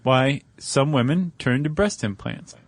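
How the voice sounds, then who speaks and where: A man's voice: mid-range voice, animated, measured pace, dry recording. A man co-hosting a podcast in casual chat, with a jokey, rambling manner, recorded dry in a studio. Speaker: podcast co-host.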